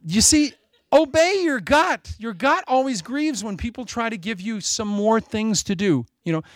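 A man in his forties preaching a sermon, animated and joking, with self-mocking asides. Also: very high voice, measured pace, dry recording. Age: 40s. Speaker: pastor.

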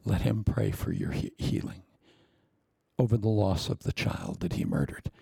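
A man preaching who voices God speaking calmly and tenderly to a wrongdoer, a little lower than his own voice. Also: moderate pace, creaky, husky, dry recording, clean studio sound, heavily acted. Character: God speaking gently to a sinner, male, patient.

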